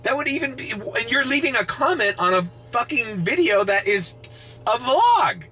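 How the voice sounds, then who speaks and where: A man's voice: very high-pitched, moderate pace, sharp tone, breathy edge. A sleep-deprived man ranting sarcastically to camera from his parked car in the early morning, swearing freely. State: short on sleep. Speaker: rideshare driver vlogger. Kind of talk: casual vlog rant to camera. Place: parked car at a charging station at night.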